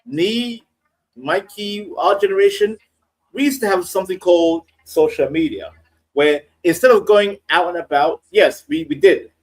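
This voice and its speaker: A man rants bluntly on a casual panel, crude and unfiltered. His voice sits slightly high. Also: normal speed. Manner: blunt, profane ranting.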